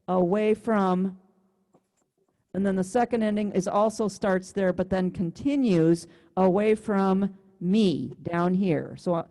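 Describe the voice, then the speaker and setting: A woman's voice: mid-range voice, dark tone. A woman music teacher giving an online class, explaining step by step with patience and counting beats aloud over a computer mic. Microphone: computer mic on a video call.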